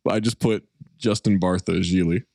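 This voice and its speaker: Laid-back, chuckling podcast co-host. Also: male voice, low-pitched, fairly even intonation, fairly quick, gravelly, a little mellow, dry recording, clean studio sound. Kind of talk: casual comedic chat.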